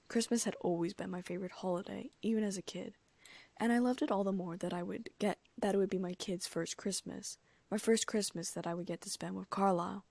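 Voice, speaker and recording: A woman narrating a first-person audiobook, her voice breathy at times and often dropping to a whisper. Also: mid-range voice, darkish tone, dry recording.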